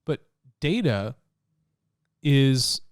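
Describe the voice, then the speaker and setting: A man's voice: medium pitch, sing-song, very slow, clean tone, no room sound, clean studio sound. A man co-hosting a podcast in casual chat, talking loosely with many fillers. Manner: laughs easily, loose and conversational with many fillers. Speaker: podcast co-host.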